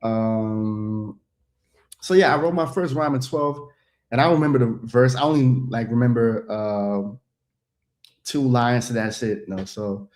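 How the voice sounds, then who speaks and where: A man's voice: medium pitch, unhurried, a little mellow. A man in his thirties from the Netherlands, a rapper chatting casually as a guest, telling stories in a loose, rambling way and laughing easily. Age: 30s. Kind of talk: casual chat on a stream.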